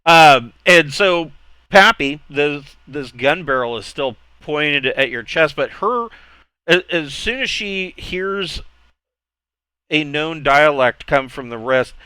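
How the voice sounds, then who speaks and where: A man narrating a tabletop game as game master, halting with many uh's and restarts. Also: on the high side, lively intonation, pushed and bright, clear, resonant tone, dry recording, low-quality recording.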